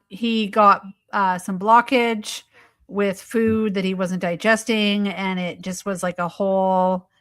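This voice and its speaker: Middle-aged woman on a family podcast, lively, laughs a lot, dry close mic. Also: medium pitch, clean tone, no echo. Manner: lively, laughs often, quick asides. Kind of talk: casual chat.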